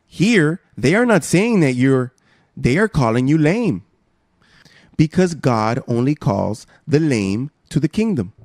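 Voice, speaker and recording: A man preaching a sermon, emphatic, swinging from soft asides to raised exhortations. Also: medium pitch, big pitch swings, slow pace, no room sound, clean studio sound.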